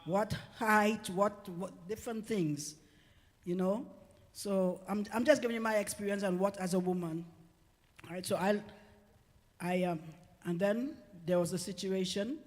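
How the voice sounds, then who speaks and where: A woman's voice: medium pitch, a little slow. A woman giving a humorous personal testimony at church, laughing often as she tells it and then exhorting her listeners. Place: church hall. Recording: long reverb of a church hall.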